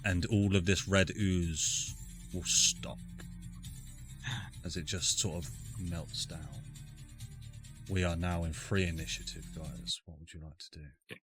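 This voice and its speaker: A man's voice: low voice, fairly even intonation, slow, long pauses, fairly bright tone, soft background music. A man narrating as dungeon master, with dramatic descriptions and free swearing. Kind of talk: narrating a tabletop game.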